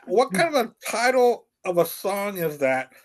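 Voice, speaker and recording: A man's voice: high voice, very animated, unhurried. A man in casual chat, sounding incredulous and swearing.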